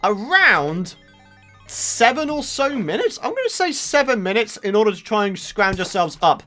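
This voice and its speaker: A young man giving let's play commentary, excitable and exasperated, ranting with sudden outbursts. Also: sits high, normal speed, faint music behind. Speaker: gaming channel host.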